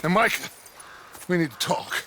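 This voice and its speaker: An actor playing a scheming outlaw gang boss giving orders in a game cutscene. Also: male voice, high voice, expressive, measured pace, sharp tone, slight background noise, exaggerated voice. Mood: commanding. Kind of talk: game voice acting.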